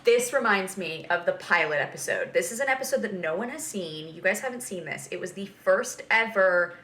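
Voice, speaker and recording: A woman's voice: mid-range voice, expressive, brisk, bright, forceful tone, soft background music. A young woman hosting a vlog, chatting casually and laughing often as she reacts to a TV episode. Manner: chatty and giggly, lots of fillers and asides.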